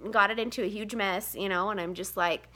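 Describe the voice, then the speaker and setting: Bright, rambling mom venting on camera. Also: female voice, mid-range voice, fairly even intonation, a little fast. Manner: rambling, candid, venting with many fillers. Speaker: vlogger, mother of seven. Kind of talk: casual confessional vlog.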